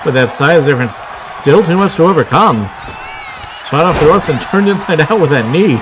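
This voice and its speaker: A man doing live play-by-play commentary on a wrestling show, excitable, with frequent exclamations and wry asides. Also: on the high side, normal speed. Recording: clear crowd noise and background noise.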